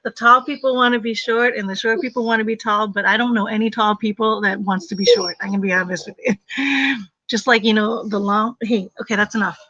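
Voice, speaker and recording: A woman's voice: on the high side, steady tone, brisk, bright, forceful tone, dry recording, lo-fi sound. A woman hosting a casual livestream, chatty and laughing often. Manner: chatty, laughs often, talks to her dog. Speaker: livestream host.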